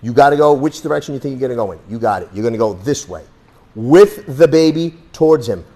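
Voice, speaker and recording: A man's voice: mid-range voice, expressive, fast, dark tone. A man teaching self-defense through a hands-on demonstration, talking bluntly and cursing freely. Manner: blunt, profane, streetwise.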